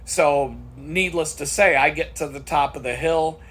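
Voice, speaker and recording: Man vlogger, husky voice, slightly high, profane, fired-up storytelling. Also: unhurried, fairly bright tone. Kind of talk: casual storytelling monologue.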